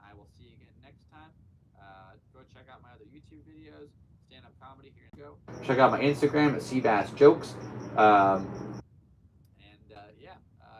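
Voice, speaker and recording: A man's voice: on the low side, gravelly, a little hiss or hum, poor audio. A man hosting his own podcast alone, talking in a rambling, easygoing way with upbeat sign-offs. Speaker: podcast host. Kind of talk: casual solo podcast chat.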